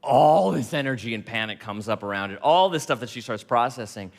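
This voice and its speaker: A man giving a storytelling talk, animated and laughing, quoting people in dialogue. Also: mid-range voice, fairly quick, gravelly, big-room sound. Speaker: speaker.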